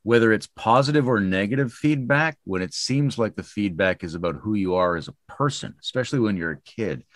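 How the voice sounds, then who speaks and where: Very deep-voiced man, dry and measured. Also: animated, no echo. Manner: measured, explanatory. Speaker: podcast guest. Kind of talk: casual podcast discussion.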